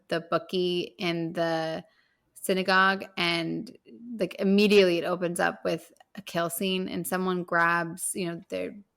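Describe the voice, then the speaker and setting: A woman with a somewhat low voice co-hosts a casual film roundtable. She talks in a relaxed, rambling way, full of "like" and "kind of" fillers. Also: gravelly. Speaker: podcast co-host.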